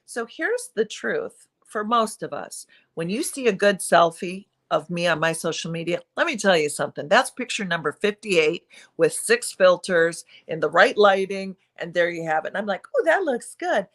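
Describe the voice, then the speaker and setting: A woman's voice: on the low side, normal speed, few pauses. A middle-aged woman speaking as an interview guest, earnest and confessional, with emphatic pleading moments. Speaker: guest, perinatal mood disorder speaker. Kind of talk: candid interview conversation.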